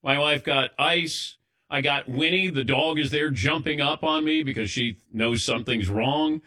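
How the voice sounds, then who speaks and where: A man's voice: on the high side, unhurried, bright, forceful tone. A man hosting a sports talk show, telling wry, self-deprecating stories in casual chat while a little lightheaded. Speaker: sports radio host.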